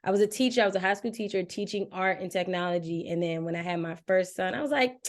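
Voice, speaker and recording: A woman's voice: lowish voice, quick pace. A woman guest on a podcast, speaking candidly and casually, telling stories and laughing often. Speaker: guest, design agency owner. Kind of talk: casual interview chat.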